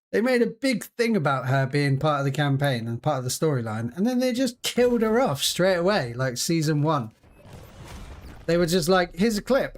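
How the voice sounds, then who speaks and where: A young British man streaming a video game live, chatting casually and answering viewers while he plays. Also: on the high side. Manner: chatty, reads and answers chat while playing. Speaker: gaming livestreamer.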